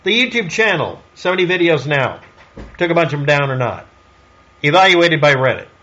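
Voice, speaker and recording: A man's voice: a little high, very animated, fairly quick, bright, forceful tone, lo-fi sound. A man delivering a solo commentary monologue in a snarky, sarcastic way, firing off rhetorical questions. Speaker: online commentator.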